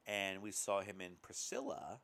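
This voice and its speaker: This low-pitched male co-host chats about films at a normal speed, his intonation lively and his voice slightly bright with some vocal fry. He rambles and hesitates often, filling gaps with ums and uhs.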